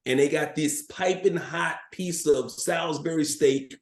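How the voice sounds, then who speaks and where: A middle-aged man, a sports broadcaster guesting on a podcast, telling animated anecdotes with plenty of filler words. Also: on the high side, unhurried. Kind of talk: storytelling in a podcast interview. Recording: roomy echo.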